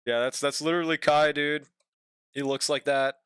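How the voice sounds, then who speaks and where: A man's voice: fairly high pitch, fairly even intonation, normal speed, fairly bright tone, smooth, no room sound, studio quality. A young man streaming as he draws, chatting casually with viewers and swearing freely. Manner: laid-back, swears often, talks to chat. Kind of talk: casual stream chat while drawing.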